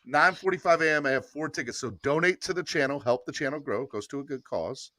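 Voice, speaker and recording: A man's voice: fairly high pitch, fast talker, pushed and bright, no echo. A man hosting a casual sports talk podcast, laughing often and urging listeners to donate. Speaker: podcast host. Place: Baltimore area.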